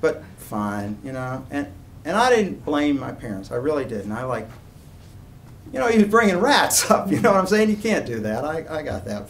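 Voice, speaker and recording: A male lecturer speaks in a loose, conversational way, wandering into personal stories and side remarks. His voice sits a little high for a man. He is picked up from a distance in a lecture room, with a faint hum of room ambience behind him. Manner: conversational and digressive, many asides and personal anecdotes. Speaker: university lecturer. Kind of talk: informal classroom lecture.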